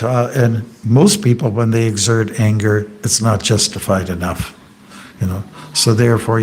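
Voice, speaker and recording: A monk giving an informal scripture class in a temple hall, telling anecdotes, joking and quizzing the audience. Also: male voice, lowish voice, darkish tone. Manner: chatty and joking, asks the audience questions.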